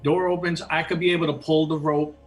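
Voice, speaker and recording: A man's voice: fairly high pitch, level tone, fairly quick, faint music behind. Eager male tabletop player. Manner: eager, plans out loud, casual grammar. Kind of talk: tabletop game play, casual.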